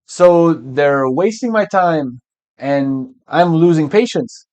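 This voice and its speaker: A man's voice: on the high side, slow pace, darkish tone. A man voicing a frustrated young male salesman in a classroom skit, complaining wearily. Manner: weary complaining.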